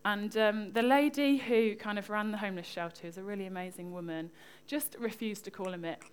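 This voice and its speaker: A woman's voice: mid-range voice, fairly quick, slight background noise. A young woman, giving a chatty, joking sermon and talking back and forth with her congregation. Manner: chatty, lively, joking with the audience. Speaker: preacher.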